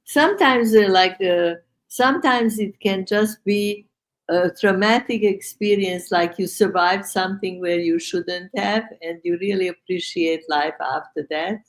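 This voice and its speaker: An older woman co-hosting a podcast over a video call from home, speaking in slow, hesitant casual chat with a dry, sarcastic edge. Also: mid-range voice. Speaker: podcast co-host.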